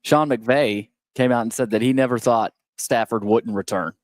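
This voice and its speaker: A man's voice: mid-range voice, moderate pace, no room sound. Man reading a sports news update. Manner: conversational reading, with small restarts. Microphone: studio microphone.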